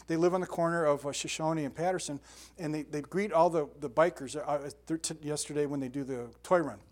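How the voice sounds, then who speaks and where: An older man giving a sermon as pastor, telling lively stories with sound effects and asides. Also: on the high side, fairly quick.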